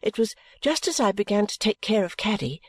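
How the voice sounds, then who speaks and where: A woman narrating a novel in a measured, steady storytelling manner. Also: medium pitch, slightly rough, dry recording. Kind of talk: scripted narration.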